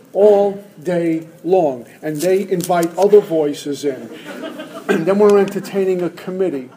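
A man's voice: on the high side, mellow, low-quality recording. Man giving a humorous talk to a meeting. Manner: humorous, acts out inner voices. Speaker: speaker at a recovery meeting. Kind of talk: personal talk to a live audience. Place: meeting room with a live audience.

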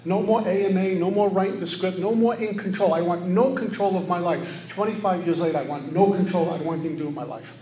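A middle-aged man giving an earnest, preachy share at a recovery meeting, often acting out his own thoughts in quick asides. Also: high voice, dark tone, slight background noise. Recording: echoey room with faint ambience.

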